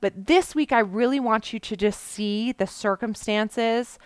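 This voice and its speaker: In clean studio sound with no room noise, a woman mindset coach teaches an earnest motivational lesson in a slightly high, smooth voice at an unhurried pace. She frequently checks in with listeners and stresses some words with sudden emphasis.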